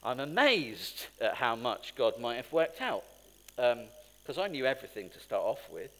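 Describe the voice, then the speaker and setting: Animated man preaching in a hall. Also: mid-range voice, moderate pace. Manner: conversational, animated storytelling with asides. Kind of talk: sermon. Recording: long hall reverb.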